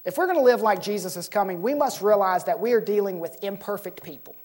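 A woman preaching to a congregation at a middle pitch. She puts questions to her listeners and stretches out the words she wants to land. Her delivery is emphatic and unhurried. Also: a little mellow. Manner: emphatic, slows to stress key words. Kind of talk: sermon.

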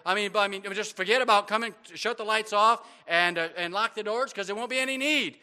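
A man's voice: high-pitched, fairly quick, bright, forceful tone, smooth. A man preaching a sermon as pastor, with frequent amens and repeated stumbles on words.

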